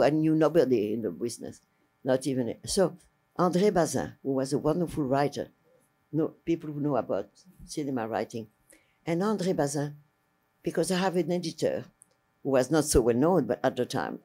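Older woman with a warm voice. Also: low voice, moderate pace. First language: French. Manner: rambling, lively, restarts mid-phrase and acts out other people's speech. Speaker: interviewee, filmmaker. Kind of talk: storytelling reminiscence.

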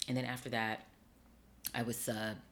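Woman, very deep voice, middle-aged, actor and acting teacher, animated storytelling, faint ambient noise. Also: normal speed. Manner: animated storyteller, acts out quoted dialogue. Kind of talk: casual interview chat.

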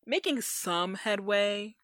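A woman in casual podcast chat, animated and slangy, often acting out characters' lines. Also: mid-range voice, takes it slowly, no echo. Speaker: podcast co-host.

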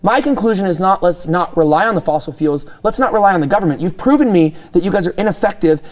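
A man's voice: high-pitched, animated, fast. A man who is a guest commentator, chatting casually about politics in a joking, sarcastic way and laughing often.

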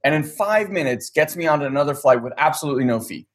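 Animated man telling a story. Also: a little high, quick pace. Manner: animated, acts out quoted dialogue, swears casually. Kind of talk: casual storytelling chat.

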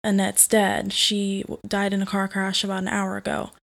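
A woman's voice: mid-range voice, completely flat delivery, normal speed, gravelly. A woman telling a family ghost story in plain, earnest spoken words.

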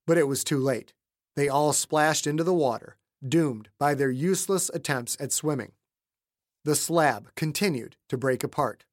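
A man's voice: on the high side, dry recording, clean studio sound. Male narrator, dramatic audiobook reading. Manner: dramatic, shifting between hushed and shouted voices. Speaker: author and narrator.

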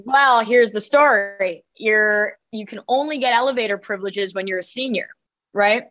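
A young woman from New York City, a guest musician on a podcast, telling animated stories and swearing casually. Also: mid-range voice, moderate pace, dull audio.

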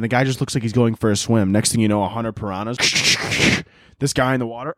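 A man's voice: medium pitch, quick pace, dry recording, studio quality. A young man hosting a solo comedy podcast, ranting crudely and acting out little characters in his bits. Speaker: podcast host.

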